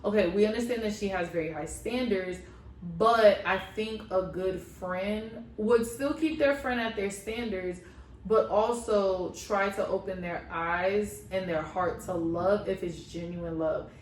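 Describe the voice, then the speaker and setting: A woman co-hosting a casual reality-show recap, gossipy and animated, acting out what people said. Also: mid-range voice, measured pace, recorded from a distance, slight background noise. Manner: animated, gossipy, acts out other people's lines. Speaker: co-host of a couple's reaction channel. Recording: echoey room, voice a bit off-mic.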